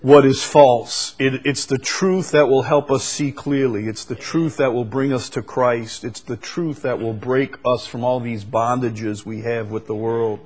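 A man's voice: medium pitch, fairly even intonation, a little slow, few pauses, darkish tone. A man preaching a sermon, quoting scripture with emphatic rises and stammering repeats.

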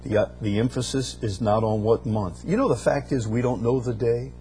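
A man's voice: medium pitch, moderate pace, mellow, soft background music. A man preaching a sermon, building emphasis through repeated phrases and rising bursts. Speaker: pastor.

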